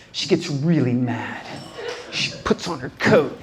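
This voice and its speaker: A man's voice: on the high side, a little slow. A man doing a stand-up comedy set in a night club, acting out quotes with lots of energy. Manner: animated, acts out quotes. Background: laughing crowd.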